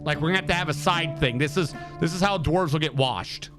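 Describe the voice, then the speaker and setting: A man's voice: on the high side, fairly quick, a bit bright, soft background music. A man streaming a building game, muttering and counting tiles aloud while getting frustrated. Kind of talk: live gameplay commentary.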